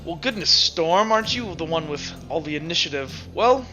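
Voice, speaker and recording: A man's voice: a little high, lively intonation, moderate pace, sharp tone, soft background music. A man voicing a bored but eager male guard captain in a tabletop game, fussy and polite. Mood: cheerful.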